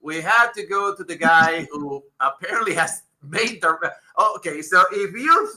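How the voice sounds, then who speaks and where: Host, male, high and very bright voice, profane heated rants. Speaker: podcast host. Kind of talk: wrestling talk show.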